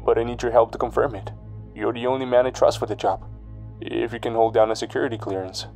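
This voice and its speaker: A man voicing a middle-aged male archaeologist, an old friend, speaking in a quieter, hushed way. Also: medium pitch, normal speed, soft background music, natural voice. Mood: urgent.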